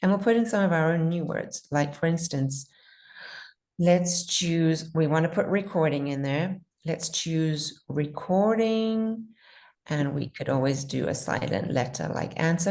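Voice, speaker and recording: A woman teaching pronunciation in an online class, patiently modeling words slowly and repeating them. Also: low voice, lively intonation, a little mellow.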